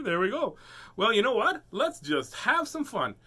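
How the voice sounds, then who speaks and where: Goofy, lively man hosting a kids' show. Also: high-pitched, moderate pace. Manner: goofy, sing-song, laughing often. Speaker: host reading children's books. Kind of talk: playful live-stream chat.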